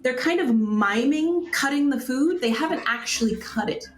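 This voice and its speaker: A woman's voice: high-pitched, animated, normal speed, reverberant. A woman narrating as game master of a tabletop game, chatty and laughing, often restarting mid-sentence.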